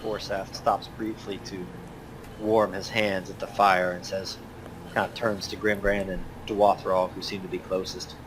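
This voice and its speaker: A man runs a tabletop game, narrating slowly with a lower voice. He hedges and circles back with lots of fillers as he describes scenes. A faint ambient hum sits behind him. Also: little pitch movement. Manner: hesitant, filler-heavy, lots of "kinda". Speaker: game master.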